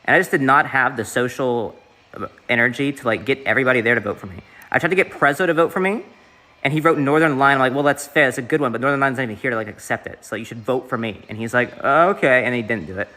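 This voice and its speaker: A man's voice: mid-range voice, quick pace, pushed and bright. A young man from the Southeast US, streaming and chatting casually in a rambling way, with lots of fillers and swearing.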